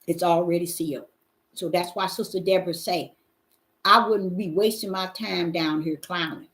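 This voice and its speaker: A woman's voice: lowish voice, normal speed, fairly bright tone. A middle-aged woman hosting a Bible question session, preaching in a folksy, emphatic way and calling out to her listeners. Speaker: host answering Bible questions. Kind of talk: informal preaching to a live audience.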